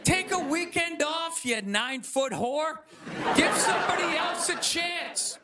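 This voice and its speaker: A man delivers a ranting, sarcastic stand-up monologue as a talk show host, his voice pitched very high. A loud live audience is heard behind him. The room is noisy. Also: expressive, over a noisy crowd. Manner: ranting, sarcastic, rapid asides. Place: stage before a live audience.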